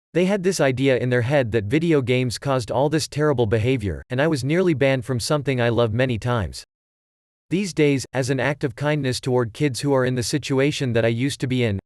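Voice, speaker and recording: A man narrating Reddit posts in a flat, even reading voice. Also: mid-range voice, no echo, clean studio sound.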